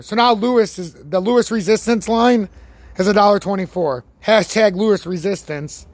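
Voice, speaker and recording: A slightly high-voiced man with a worn-out voice rants through his crypto chart breakdown. He swears freely and leans on sports comparisons, talking in a loose, fired-up way. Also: normal speed, no echo. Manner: ranting, swears freely, animated sports analogies. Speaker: crypto chart analyst, channel host. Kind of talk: casual profane market commentary.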